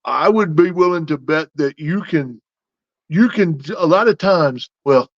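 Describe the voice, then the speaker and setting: A man hosts a casual podcast and makes his case with one rhetorical question after another. His voice sits a bit high. The sound is dry and slightly dull. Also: unhurried, no echo. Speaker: podcast host.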